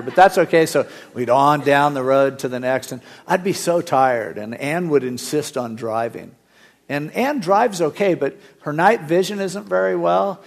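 A middle-aged man preaching a sermon as pastor, telling stories and acting out the dialogue in lively voices. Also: mid-range voice.

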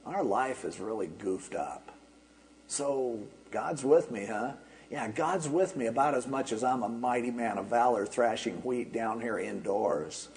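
A man's voice: mid-range voice, unhurried, a little mellow, voice pushed down, close to an everyday voice. A man preacher voicing a doubting young Israelite farmer, sarcastic and complaining to God. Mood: sulky doubt.

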